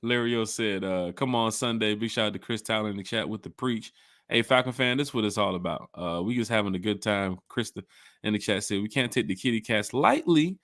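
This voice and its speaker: A man co-hosting a casual sports fan podcast, hyped and slangy, shouting out viewers in the chat. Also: on the low side, brisk, no echo, clean studio sound. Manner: animated, hype, slangy, reads chat shout-outs. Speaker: podcast co-host.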